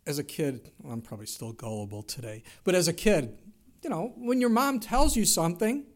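A middle-aged man preaching a sermon, telling stories in an animated way and jumping his voice up for quoted lines. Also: on the high side. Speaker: pastor.

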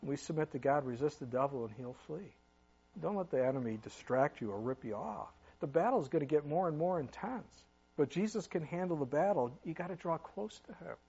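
A man's voice: on the high side, animated, fairly quick, vocal fry, a little mellow, breathy edge, dull audio. A middle-aged man preaching a sermon in a conversational way, with asides and sudden emphatic rises. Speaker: pastor.

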